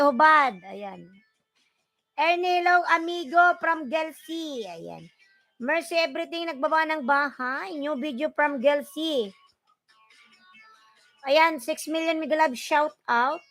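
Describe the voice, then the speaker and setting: A woman with a Filipino accent hosting a casual livestream, reading viewer comments and calling out loud shout-outs in English and Filipino. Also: sits high, dry recording. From Philippines. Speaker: livestream vlogger.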